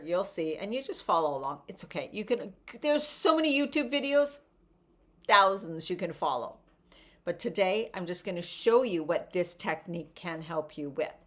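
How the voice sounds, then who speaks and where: A woman's voice: lowish voice, a bit bright. A middle-aged woman casually teaching a guided technique, encouraging and conversational, often checking in with the listener. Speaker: wellness coach.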